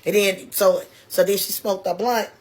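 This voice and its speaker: A woman telling a story in a casual, animated way, laughing often and swearing freely. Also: medium pitch, moderate pace. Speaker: guest.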